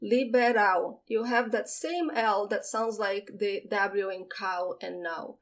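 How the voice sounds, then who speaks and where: A woman with a Brazilian Portuguese accent, a native Portuguese speaker, teaching vocabulary and saying each word slowly and clearly before explaining it. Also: medium pitch. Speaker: language teacher. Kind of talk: vocabulary lesson with slow pronunciation drills.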